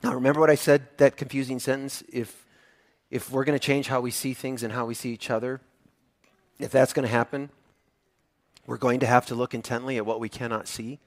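A man's voice: mid-range voice, flat delivery, a little fast, no room sound. A male pastor preaching a sermon in a conversational, joking and emphatic way.

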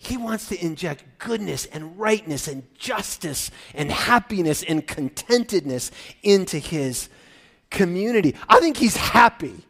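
A male preacher with a high-pitched voice delivers an expository sermon. His delivery is animated, swinging between hushed emphasis and louder, lifted phrases. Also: measured pace.

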